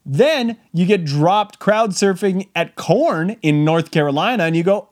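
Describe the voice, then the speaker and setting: A man hosting a podcast, telling a comic story in a casual, animated way and acting out the quotes. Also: high-pitched, a little slow, hardly any pauses. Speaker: podcast host.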